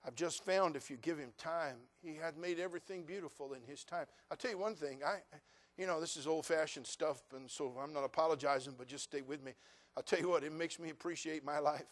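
Older male pastor preaching, high voice. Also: fairly quick. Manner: swings from hushed storytelling to loud preaching. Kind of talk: sermon.

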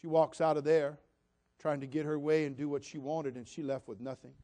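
A man's voice: fairly high pitch, little pitch movement, brisk, mellow. Emphatic male pastor preaching. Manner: emphatic, repeats phrases, direct questions to the congregation. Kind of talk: sermon.

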